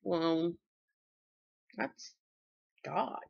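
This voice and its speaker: A woman talking in a casual, sermon-like faith vlog, lively and folksy, her voice jumping high and low and loud and soft. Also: very slow, creaky. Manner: lively, folksy and preachy, with big swings in pitch and loudness. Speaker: vlogger. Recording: dull lo-fi recording.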